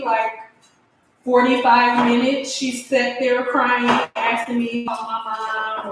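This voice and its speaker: Cooking at home in a very echoey room, a young hairstylist rambles through a long story for her casual vlog. Her voice is fairly high, the recording very noisy, and she keeps restarting and saying "like" constantly.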